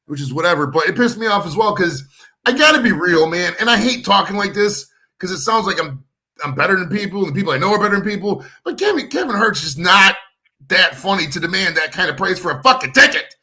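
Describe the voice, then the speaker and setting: High, bright-voiced ranting American man. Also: expressive, fast, breathy edge. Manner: profane, ranting, shouts when worked up. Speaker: podcast host. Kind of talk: casual live-stream chat.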